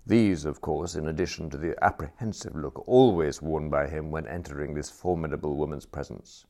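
Deep, gravelly male storyteller. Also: moderate pace, a little mellow. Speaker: audiobook narrator. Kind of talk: scripted narration of a comic novel.

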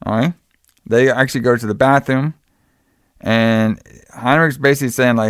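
A man loosely recounts a film's plot in a casual chat, leaning on fillers and quoting characters as he goes. His voice is smooth and resonant, at an ordinary pitch. The recording is dry and close, with no room sound. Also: normal speed, pauses often, dry recording. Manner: loose, filler-heavy retelling with quoted lines.

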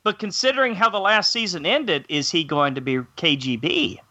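A man's voice: high voice, sing-song, moderate pace, bright, forceful tone, highs cut off. A man hosting a casual podcast, exclaiming, laughing often and swearing freely. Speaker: podcast host.

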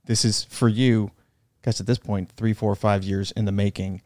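A man's voice: fairly low pitch, steady tone, moderate pace, a little mellow, dry recording, studio quality. A man hosting a casual interview, chatting easily and steering the conversation. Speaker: podcast host.

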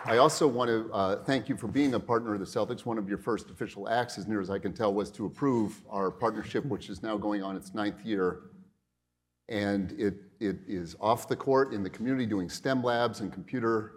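A man's voice: fairly low pitch, normal speed. A middle-aged man interviewing a guest at a business luncheon, rambling with restarts and asides. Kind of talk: onstage interview.

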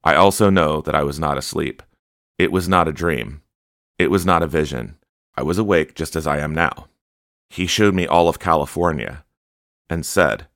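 A man's voice: rumbling low, normal speed, vocal fry, fairly bright tone, dry recording, studio quality. A man reading a prophecy aloud and commenting on it in an earnest, exhorting way.

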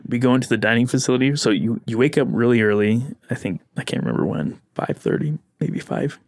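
A man co-hosting a podcast, telling a story in a casual, animated way and laughing often. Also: medium pitch, fast, no echo, clean studio sound. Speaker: podcast co-host.

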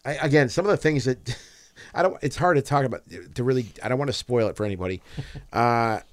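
A man's voice: mid-range voice, a little fast, no echo, clean studio sound. A man co-hosting a podcast, chatting casually about films, rambling with restarts and jokey grumbling. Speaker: podcast co-host. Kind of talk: casual movie chat.

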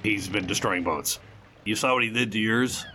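A man's voice: lowish voice, moderate pace, pushed and bright, a little hiss or hum. A man narrating a tabletop game as game master in a dry, matter-of-fact way.

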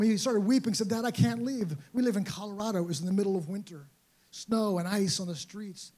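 High-voiced older male pastor preaching. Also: fairly even intonation, fast talker, a little mellow. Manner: earnest, emotional storytelling with repeated words. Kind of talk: sermon testimony.

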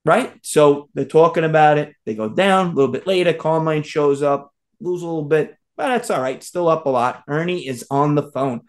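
A man with a slightly raised pitch tells a story in a relaxed chat. He is animated, acts out what people said and laughs often. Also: moderate pace, hardly any pauses. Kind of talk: casual storytelling.

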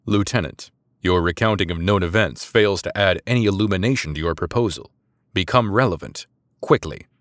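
A man's voice: deep voice, a little fast, fairly bright tone, no room sound, clean studio sound. Man doing a growling, impatient military lord. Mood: stern. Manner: clipped, growling. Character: stern, impatient male military ruler.

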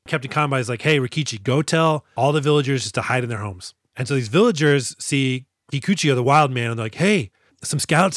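A man co-hosting a casual movie-review podcast, animated and profane, acting out characters as he recaps scenes. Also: medium pitch, no echo, clean studio sound. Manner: animated, swearing, acts out characters in quotes. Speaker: podcast co-host.

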